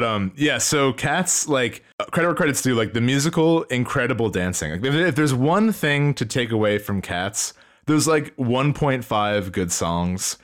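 Low-voiced guy, super bouncy pitch, laughing a lot while chatting. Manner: animated, laughing, full of fillers, mimics sounds. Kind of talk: casual chat about a movie.

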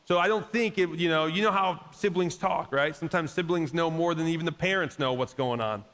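The pastor's voice is a little high, a bit bright, and a little fast as he preaches in a church sanctuary. He talks conversationally, voices the people he quotes, and rises to emphatic high points, with long reverb from the big hall.

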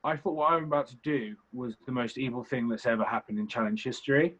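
A young adult man, a reality competition contestant, guests on an interview in slightly muffled lo-fi audio. His mid-range voice is fast, a bit bright, and husky, and he talks casually and candidly, rambling with some swearing.

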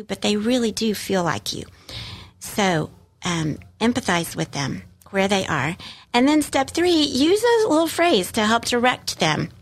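A woman hosting a talk, giving parents encouraging advice and speaking directly to her listeners. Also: mid-range voice.

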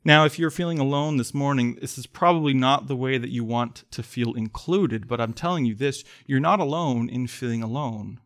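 A man preaching a sermon in church, earnest, swelling to emphatic pleas and then sinking soft. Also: medium pitch, moderate pace, few pauses. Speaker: pastor.

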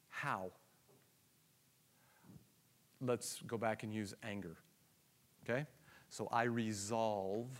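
Male preacher; sermon delivery that swings from hushed and slow to loud and emphatic. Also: medium pitch. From United States. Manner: shifts from quiet, slow asides to loud emphatic questions; acts out dialogue and inner thoughts, laughs often.

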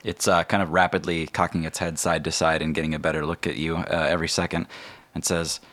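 A man's voice: rumbling low, little pitch movement, fast talker, a bit bright. A man narrating a tabletop game as game master, rambling with lots of fillers.

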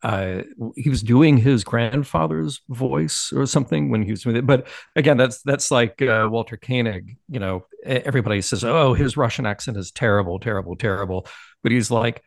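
A man's voice: medium pitch, moderate pace, vocal fry, few pauses, dry recording. A man co-hosting a podcast in casual chat, rambling with many fillers and restarts. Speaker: podcast co-host.

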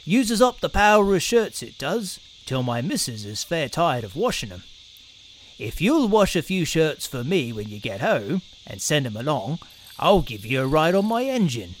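A man's voice: on the high side, very animated, normal speed, slight background noise. A man voicing a burly, kindly engine driver who speaks in a folksy, homely dialect. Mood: friendly.

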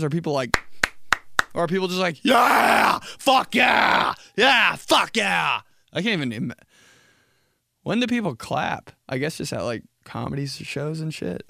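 A young man hosting a podcast, rambling in a casual comic monologue, swearing freely and acting out quick mock exchanges. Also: on the high side, big pitch swings, creaky, a bit bright, dry recording. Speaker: podcast host.

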